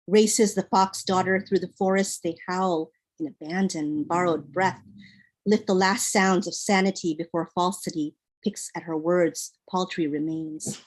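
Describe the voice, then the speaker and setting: A woman reading her poem aloud over a video call in a slow, measured way. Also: lowish voice, low-quality recording. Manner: measured, deliberate delivery. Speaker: poet performer.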